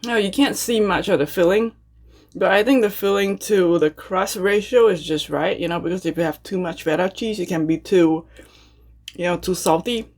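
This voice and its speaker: A woman hosting a mukbang, chatting casually between bites with relaxed, unhurried murmurs of enjoyment. She talks from her home apartment. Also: on the low side. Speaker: mukbang host. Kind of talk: casual ASMR eating chat.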